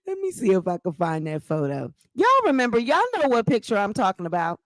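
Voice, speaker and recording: Woman gossip vlogger cussing and laughing, super lively voice, dry close sound. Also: mid-range voice, a little fast, no room sound. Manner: laughing, profane, animated. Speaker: vlog host. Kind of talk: casual gossip commentary.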